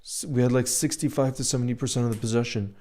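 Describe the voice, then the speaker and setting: A football fan streamer gives live watchalong commentary on a match for his viewers, emotional and outspoken, saying "bro" a lot as he swings from outrage to glum reflection. His voice is mid-range and dark, steady in tone, with a quick pace.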